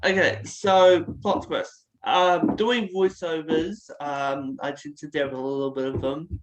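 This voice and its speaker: A man's voice: on the high side, steady tone, measured pace, rough recording. A man hosting an interview and chatting casually, in a playful, eager way. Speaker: host.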